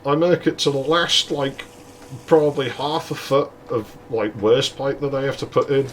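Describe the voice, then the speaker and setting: A man's voice: medium pitch, fairly even intonation, normal speed, a little hiss or hum. A man hosting a let's play, telling a story casually with lots of swearing and laughter. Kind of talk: casual gameplay commentary and storytelling.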